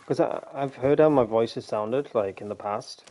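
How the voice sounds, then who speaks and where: A man's voice: mid-range voice, moderate pace, dark tone. Chatty young man streaming a game. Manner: rambling, chatty, laughs often, swears. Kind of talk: casual gameplay commentary. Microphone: gaming headset.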